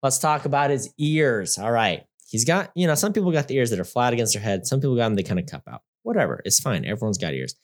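A man co-hosting a casual movie review podcast, jokey and animated, often laughing and dropping to low mutters. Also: fast, hardly any pauses. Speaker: podcast co-host.

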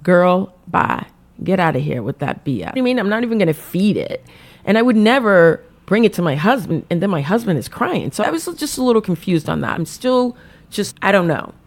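A woman hosting a podcast, recapping a reality show in casual, animated chat and dropping "like" often. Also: mid-range voice. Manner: chatty and animated, heavy use of "like"; puts on quick voices when quoting people. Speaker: podcast host.

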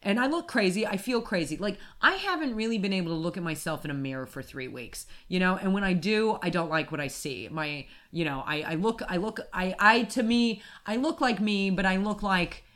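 A woman telling a story in casual conversation, animated and exasperated, swearing freely and restarting her sentences. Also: medium pitch, fairly quick, few pauses.

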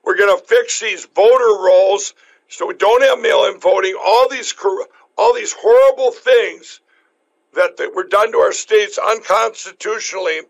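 Guy hosting a talk show, high pitched and gravelly, kinda hoarse, rambling and emphatic. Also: measured pace, poor audio. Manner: rambling, emphatic, many restarts. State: losing his voice. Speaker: show host. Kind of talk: casual talk show chat.

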